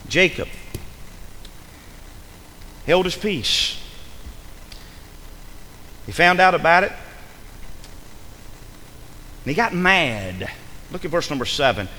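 A man preaching a sermon, lively and forceful, acting out the voices of the people he addresses. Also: fairly high pitch, takes it slowly, long pauses, in a large hall, a little hiss or hum, low-quality recording. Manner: animated preaching, acts out imagined voices. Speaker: pastor.

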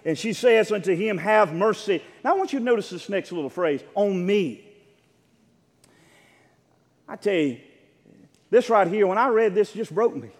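A man preaching with passion, his voice sitting high and ringing out under a long hall reverb. He hammers phrases again and again and builds to shouted peaks. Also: expressive, fairly quick, vocal fry. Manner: impassioned, swelling to shouted peaks; repeats phrases for emphasis. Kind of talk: sermon.

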